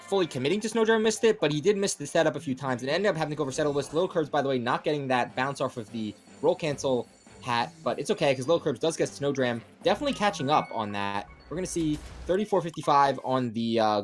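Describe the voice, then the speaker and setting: A man giving casual live commentary on a speedrun race, quick and chatty with plenty of fillers. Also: medium pitch.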